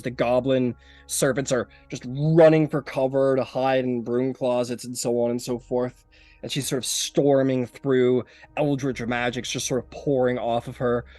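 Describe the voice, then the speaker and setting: A man narrates a tabletop game as game master, loose and rambling with plenty of fillers. His voice is mid-pitched and close, with a dry room sound and faint music behind. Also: mellow, dry recording. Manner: casual, rambling, lots of fillers.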